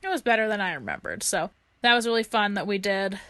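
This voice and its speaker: A woman's voice: mid-range voice, animated, quick pace, a bit bright, no room sound. A young woman co-hosting a casual chat show, telling stories and acting out what people said. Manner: chatty storyteller, acts out quoted lines. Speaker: podcast co-host.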